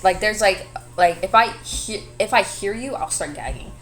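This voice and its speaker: A young woman co-hosting a podcast in casual chat, teasing her friend and telling animated stories. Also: mid-range voice, normal speed, faint music behind, low-quality recording. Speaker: podcast co-host.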